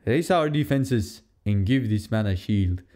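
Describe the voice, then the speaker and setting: Give me a man imitating a commanding warrior king, low and slow. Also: lively intonation, warm tone.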